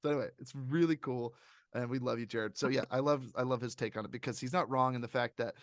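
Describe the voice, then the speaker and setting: Animated man rambling about movies. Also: medium pitch, fast, no echo, studio quality. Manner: animated and rambling, laughs often. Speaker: podcast host. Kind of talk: casual movie review chat.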